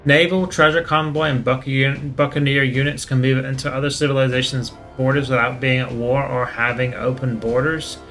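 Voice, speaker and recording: Bright-voiced man narrating strategy gameplay. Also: medium pitch, normal speed, few pauses, soft background music. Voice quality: even, matter-of-fact reading with casual asides. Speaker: gaming channel host. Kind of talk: strategy game commentary, reading game text aloud.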